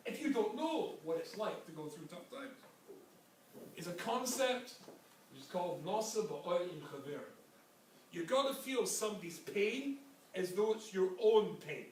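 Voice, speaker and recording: A man's voice: high voice, big pitch swings, unhurried. A man with an English accent, a rabbi giving a Torah lecture full of stories and joking asides. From England. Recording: very echoey hall, from far off, faint noise.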